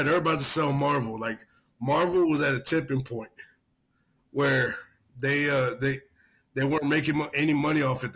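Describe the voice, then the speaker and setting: A man co-hosting a casual podcast, talking in a profane, rambling, animated way and telling stories. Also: a little high, slightly rough. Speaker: podcast co-host. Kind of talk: casual chat.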